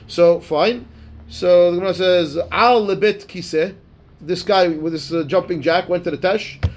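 Casual male Talmud teacher with a high voice who reads the Aramaic text and then explains it in plain English. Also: normal speed, slight background noise. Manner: casual, checks in with "right?" and "okay". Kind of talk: Talmud class, reading and translating.

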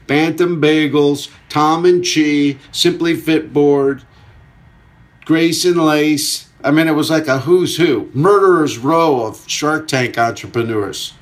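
A man hosting a solo comedy podcast, rambling through a chart countdown with jokey asides and answering his own questions. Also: fairly high pitch. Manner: rambling, jokey, talks back to himself. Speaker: podcast host.

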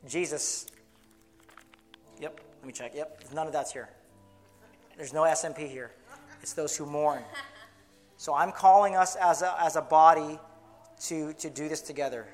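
Male pastor, earnest sermon voice, fairly high-pitched, faint music behind. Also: steady tone. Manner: earnest, with many restarts, slowing to stress key words.

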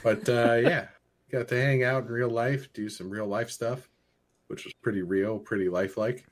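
A man co-hosting a casual podcast, trading dry, deadpan jokes. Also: mid-range voice, normal speed. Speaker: podcast co-host.

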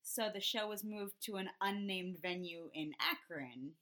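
A woman co-hosting a comedy podcast, telling stories with a teasing, animated manner. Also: medium pitch, unhurried. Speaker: podcast co-host. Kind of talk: casual comedic chat.

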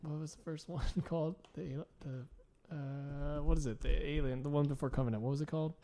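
A man's voice: on the high side, steady tone, a little fast, mellow. A man chatting casually, trailing off as he searches for names. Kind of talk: casual chat.

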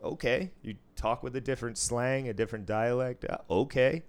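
A man's voice: mid-range voice, moderate pace. A man in his thirties telling a story in casual chat, blunt and profane.

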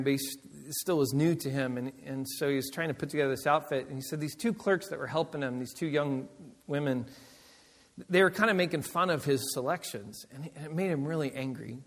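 A male pastor delivers a story-driven sermon in a voice pitched a bit higher than most men. He is animated and laughs often as he tells it. The sound carries a long reverb that fills a church sanctuary. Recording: long reverb of a large hall.

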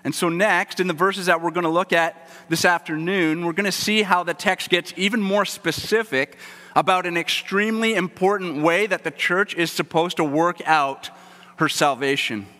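A male pastor delivering a sermon in an earnest, conversational way. His voice is bright and forceful, with a fairly high pitch, and it carries a long reverb as in a large hall. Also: fairly even intonation, normal speed. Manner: earnest, conversational preaching with repeated words.

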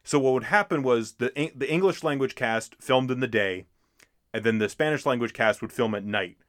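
A man's voice: mid-range voice, normal speed, fairly bright tone, no room sound, studio quality. A man co-hosting a podcast, chatting casually about old films with many fillers and restarts. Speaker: podcast co-host. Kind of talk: casual film discussion.

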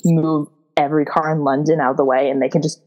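A woman's voice: low-pitched, level tone, quick pace, darkish tone, highs cut off. A woman co-hosting a casual podcast, recapping a book in a rambling way with lots of fillers and giggles. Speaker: podcast co-host.

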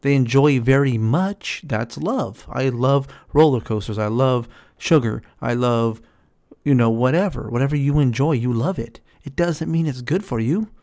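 A man's voice: normal speed, a little mellow. Emphatic man talking about relationships. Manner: repetitive, emphatic, acts out quotes in a higher voice. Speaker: relationship commentator. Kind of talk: casual monologue on relationships.

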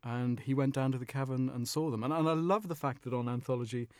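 British male music journalist, mid-pitched, explanatory chat, dry booth sound. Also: steady tone, no echo. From Britain. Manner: measured storytelling, explanatory. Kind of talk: conversational discussion.

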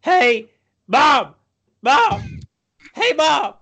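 A man's voice: sing-song, very slow, gravelly, heavily acted. A man voicing his dog as a dim-witted, obnoxious male pet who whines and complains about everything. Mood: whiny. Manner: loud, high-pitched, obnoxious yelling.

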